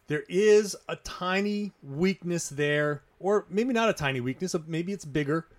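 A man's voice: sits high, measured pace. A man hosting a podcast on his own, talking casually and emphatically as he answers listener questions, repeating his key points. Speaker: podcast host.

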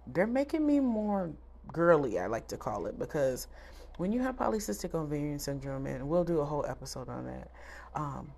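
A woman's voice: low voice, vocal fry, darkish tone, slight background noise. A woman in her thirties from South Florida, hosting a casual solo podcast in a candid, chatty, emphatic way. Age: 30s. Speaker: podcast host.

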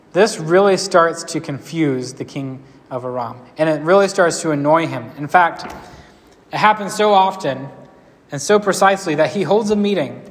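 A man preaching a casual storytelling sermon, conversational and relaxed, with playful asides. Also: on the high side, long reverb tail.

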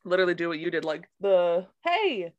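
Bright, lively-pitched woman podcaster. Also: a little fast, dry recording, lo-fi sound. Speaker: podcast co-host. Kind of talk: casual chat.

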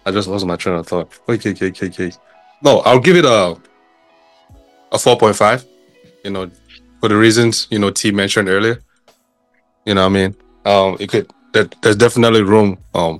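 Animated man with a low voice. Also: dry recording. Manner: animated, rhetorical questions, many fillers. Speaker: book club member. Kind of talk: casual discussion.

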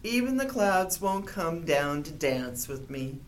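A woman's voice: low-pitched, takes it slowly, exaggerated voice. Woman voicing an eager, wistful young bear. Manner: eager, excitable calls.

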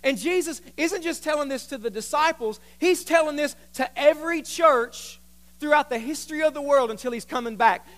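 A male pastor delivering a sermon into a microphone in a church. His voice sits very high and sounds bright and forceful. He reads scripture aloud and keeps breaking in with playful jokes for the congregation. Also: moderate pace. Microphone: handheld microphone.

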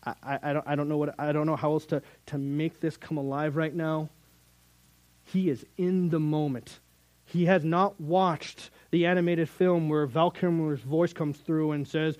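A man's voice: on the high side, moderate pace, darkish tone, no echo, rough recording. A middle-aged man preaching a sermon as a youth Bible teacher, earnest and conversational, with sudden emphatic rises.

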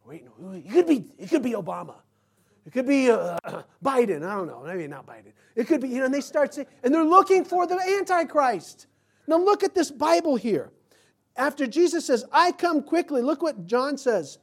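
Man, middle-aged, pastor, sermon, animated, playful asides. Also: very high voice, moderate pace. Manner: animated, acts out quotes, chuckles.

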